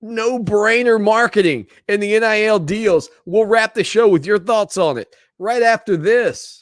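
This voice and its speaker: A man's voice: sits high, a little slow, no echo, clean studio sound. A man hosting a sports talk show in a casual, playful way, joking with viewers. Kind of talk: casual chat.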